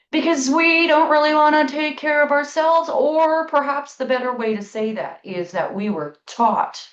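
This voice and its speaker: Middle-aged woman, spiritual talk host, casual storytelling, emphatic, slow stretched stresses, roomy echo, off-mic. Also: high voice, recorded from a distance. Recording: echoey room, off-mic, dull sound.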